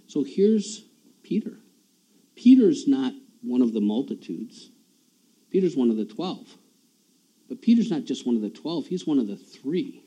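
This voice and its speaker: A man's voice: medium pitch, big pitch swings, measured pace, dark tone, poor audio. A man preaching a sermon in a church, talking in a conversational way, often repeating words and chuckling at himself.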